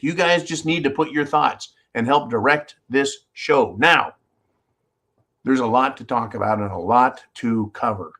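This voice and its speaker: Worked-up guy ranting on his own show, cusses a lot, keeps saying folks, mid-pitched voice. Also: unhurried, fairly bright tone. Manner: fired-up, profane, repeats phrases, addresses "folks". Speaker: host of a live call-in show. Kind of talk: heated political rant.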